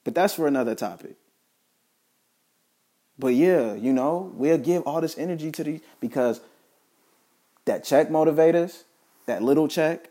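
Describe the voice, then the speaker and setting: Speaking slowly in a slightly high voice with a dark tone, a man pauses often as he addresses the camera directly. His casual motivational monologue is repetitive, full of stumbling restarts and preachy asides to his listeners.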